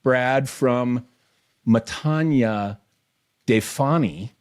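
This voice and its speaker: A man co-hosting a casual podcast, reading quotes aloud in a relaxed way. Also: mid-range voice, drawn-out words, clear, resonant tone. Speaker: podcast co-host.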